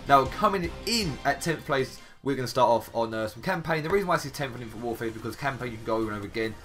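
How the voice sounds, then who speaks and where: A young English man rattles through gaming highlights at a brisk clip, his voice sitting at an ordinary middle pitch. His commentary is casual and chatty, full of offhand swearing and quick congratulations, while music plays steadily underneath. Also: animated, a bit bright. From England. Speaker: gaming YouTuber. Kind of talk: casual commentary over game clips. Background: background music.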